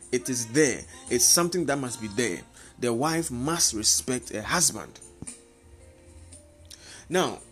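A man's voice: medium pitch, a bit bright. A man preaching a fervent sermon, hammering points home through rhythmic repetition.

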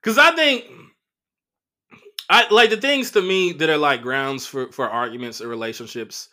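A man hosting a comedy podcast alone, telling profane relationship stories with animated acted-out quotes. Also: a little high, normal speed. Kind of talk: casual solo monologue.

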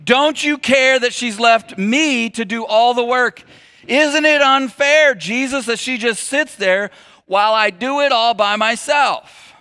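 A man voicing a fed-up woman hostess who complains slowly and insistently, pitched up from his own voice. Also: sharp tone, clean tone, long reverb tail, exaggerated voice. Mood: aggrieved. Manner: pleading, aggrieved, drawn-out words.

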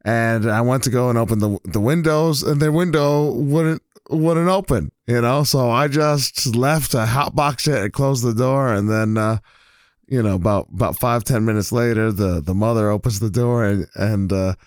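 Rambling podcast host, dry close sound. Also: male voice, medium pitch, no room sound. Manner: rambling, halting with many fillers and restarts. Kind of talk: casual podcast banter.

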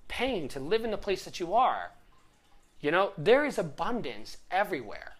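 A life coach giving a casual, animated motivational talk, often checking in with "right?". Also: medium pitch.

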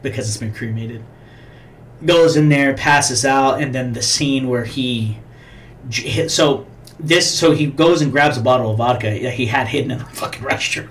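A man's voice: medium pitch, moderate pace, fairly bright tone. Profane rambling man in casual chat. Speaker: podcast co-host.

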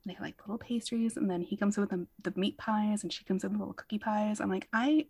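A woman co-hosting a podcast in casual chat, animated and swearing, often acting out lines in quotes. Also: mid-range voice, fast talker, slightly rough, no echo. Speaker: podcast co-host.

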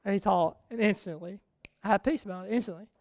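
A young man preaching a conversational sermon, telling stories with lively restarts. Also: high-pitched, quick pace, no echo, studio quality. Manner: conversational, animated storytelling with frequent restarts. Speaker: pastor.

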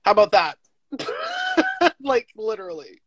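A young adult interviewee in casual conversation, talking emphatically with lots of "like" fillers and quick laughs. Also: medium pitch, fairly bright tone, no room sound.

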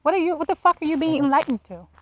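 A woman's voice: high-pitched, lively intonation, racing, dry recording, highs cut off. A woman hosting a solo podcast, ranting bluntly with profanity and rhetorical questions. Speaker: podcast host. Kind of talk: solo monologue rant.

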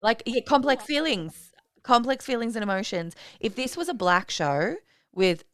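A woman, co-hosting a casual podcast chat, animated and sweary when telling a story. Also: a little high, moderate pace. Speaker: podcast co-host.

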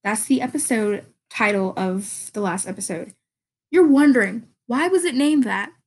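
A woman's voice: fairly high pitch, normal speed, slightly rough. Giggly, rambling woman podcaster. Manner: rambling and giggly, often searching for words. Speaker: podcast host. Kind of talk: casual solo podcast chat.

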